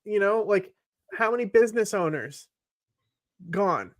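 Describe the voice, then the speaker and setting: Male reaction host, sarcastic and blunt, with a high voice recorded dry. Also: expressive, a little slow, no room sound. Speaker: commentary host. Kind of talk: reaction commentary.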